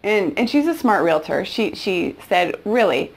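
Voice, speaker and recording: A woman's voice: mid-range voice, very animated, unhurried, creaky. A middle-aged woman teaching a real estate investing course, retelling past conversations with quoted dialogue. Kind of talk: storytelling course lesson.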